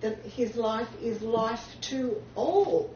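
A woman chimes in affirmingly, picking up and completing the other speaker's thoughts in a slightly higher voice. She sits away from the mic, so she sounds distant and roomy. The audio is dull, with a faint background hum. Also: expressive, slow, a little mellow. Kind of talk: conversational faith talk.

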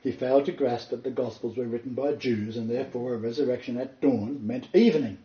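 A man giving an earnest, emphatic Bible teaching, telling a story and building to excited points. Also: medium pitch, brisk. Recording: roomy, far from the mic, dull lo-fi.

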